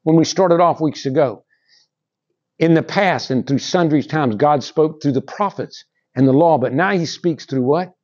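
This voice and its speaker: A middle-aged man preaching a sermon in a church, with animated rises and drops and calls to the congregation. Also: on the high side, normal speed. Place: church sanctuary. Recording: dull lo-fi sound.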